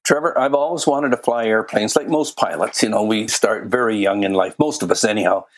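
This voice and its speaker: A man's voice: fairly low pitch, a little fast, rough recording. An older man of Welsh origin, a volunteer chief pilot, telling stories genially with dry humor in an interview. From Wales. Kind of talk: casual interview chat.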